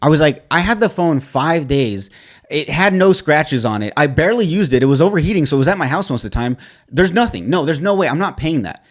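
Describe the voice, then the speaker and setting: A man's voice: a little high, expressive, brisk. A man co-hosting a podcast, telling a frustrating story in casual chat, swearing a lot and quoting both sides of the conversation. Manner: profane, exasperated storytelling with quoted dialogue. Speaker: podcast co-host.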